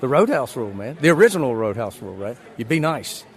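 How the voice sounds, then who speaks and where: A magician with a Southern US accent, appearing as a guest in a casual interview, rambles through folksy stories in a very animated, fast, mid-range voice. He is self-deprecating throughout.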